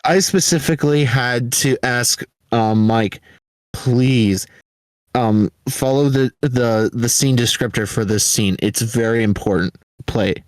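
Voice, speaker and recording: A man's voice: medium pitch, takes it slowly, dry recording. Chatty man giving creator commentary. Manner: chatty, restarts, eager asides. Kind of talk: casual watch-along chat.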